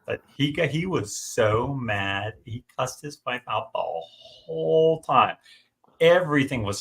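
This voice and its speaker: A middle-aged man telling stories in a casual live chat, animated and full of fillers. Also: medium pitch, slow pace, vocal fry. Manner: chatty, animated storyteller, many fillers and restarts. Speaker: guest on a livestream.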